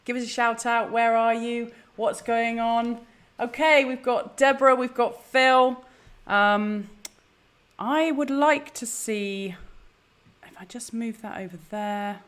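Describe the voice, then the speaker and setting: A woman's voice: a little high, fairly even intonation, takes it slowly, a bit bright. A woman hosting a live stream, chatty, flustered and self-deprecating. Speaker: host. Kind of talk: casual live-stream chat.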